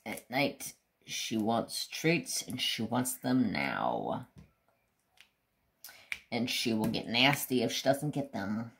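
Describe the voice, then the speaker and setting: An unhurried man rambling to his viewers while he works on a craft. He drifts from one thought to the next and swears casually as he goes. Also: mid-range voice, big pitch swings, creaky, fairly bright tone. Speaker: craft vlogger.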